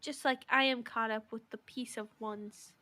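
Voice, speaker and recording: A woman's voice: on the high side, steady tone, normal speed, sharp tone. A woman co-hosting a podcast in casual chat, playful and giggly, teasing her co-host. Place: podcast studio.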